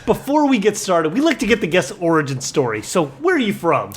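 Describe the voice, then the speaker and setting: A man's voice: sits high, huge pitch swings, brisk, a little hiss or hum. A man co-hosting a podcast, bantering with jokes and sarcasm. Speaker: podcast co-host. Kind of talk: casual chat.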